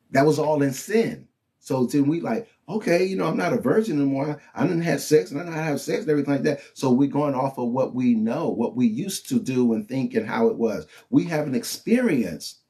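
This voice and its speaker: This relaxed preacher's sermon feels like a conversation, delivered in a mellow tone with frequent check-ins to his listeners. His speech is loose, and his voice shoots up high when he quotes other people.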